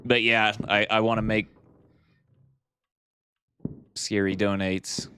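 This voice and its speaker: A man's voice: fairly low pitch, level tone, moderate pace, bright, forceful tone, slight background noise. A man chatting casually with his viewers during a live game stream, thanking them and thinking aloud as he plays. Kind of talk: casual live-stream chat while gaming. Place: home streaming setup.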